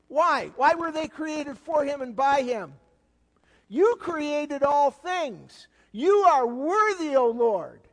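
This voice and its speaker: A man with a strikingly high voice preaching a sermon, taking his time over each phrase. He swings from loud, rising questions down to hushed lines. His voice rings out with a long reverb in a large hall. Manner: preaching with sudden loud rises and quiet drops. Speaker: guest pastor.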